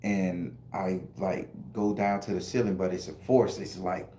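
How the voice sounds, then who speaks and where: A man's voice: deep voice, level tone, a little slow, dark tone, roomy sound, a little hiss or hum. A middle-aged man hosting a spiritual livestream, telling an emotional story in slangy casual talk and addressing viewers directly. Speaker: spiritual channel host and tarot reader.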